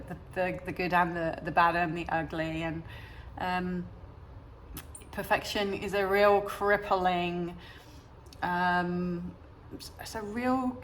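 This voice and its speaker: A woman's voice: fairly low pitch, a little hiss or hum. A woman with an English accent, a yoga teacher talking casually to camera, hesitant with many fillers and restarts. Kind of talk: casual talking-head chat.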